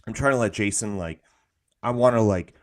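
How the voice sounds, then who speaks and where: A man's voice: on the low side, normal speed. A man in casual live-stream chat, joking around and now and then slipping into silly voices. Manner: playful, jokey, drifts into silly character voices.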